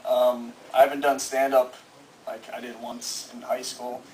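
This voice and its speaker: A man's voice: medium pitch, flat delivery, measured pace, a little mellow, a little hiss or hum. A young man in his late teens doing rambling stand-up comedy at an open mic, nervous and laughing at his own jokes. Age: young adult. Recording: echoey room, mic heard from far.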